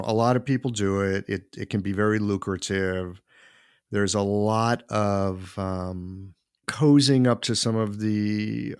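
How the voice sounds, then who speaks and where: A man's voice: on the low side, no room sound, clean studio sound. A man hosting a podcast interview, asking loosely phrased, musing questions. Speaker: podcast host. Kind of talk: conversational interview.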